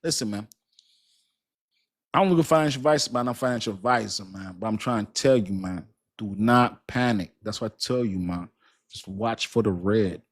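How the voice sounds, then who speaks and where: A man's voice: fairly low pitch, normal speed. A man hosting a casual crypto livestream, talking straight to his chat in a hyped, repetitive way. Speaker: crypto channel host.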